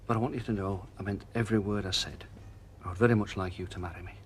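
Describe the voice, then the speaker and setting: An actor playing an older shopkeeper in a TV soap, blustering one moment and tender the next. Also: male voice, sits low, fairly even intonation, quick pace, a little hiss or hum, natural voice. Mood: earnest. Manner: blustering then tender, with northern turns of phrase. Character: older male shopkeeper, bluff and soft-hearted. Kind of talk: TV soap drama.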